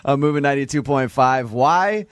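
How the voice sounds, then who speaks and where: A man's voice: mid-range voice, expressive, moderate pace, a little hiss or hum. A man hosting a morning radio show, teasing callers and laughing often.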